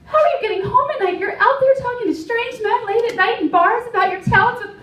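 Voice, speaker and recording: A woman voicing her anxious, fussy middle-aged mother, firing off rapid worried questions. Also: very high voice, fairly bright tone, distant mic, pitched above the performer's own voice. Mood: panicked. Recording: echoey club, mic from afar.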